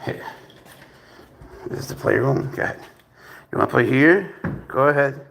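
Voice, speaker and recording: Gravelly-voiced man coaxing his pet cat. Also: mid-range voice, animated, normal speed, fairly bright tone. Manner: coaxing, playful talk to the cat, calls it bro and buddy. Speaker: pet owner and channel host. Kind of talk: casual live-stream chat with his pet cat.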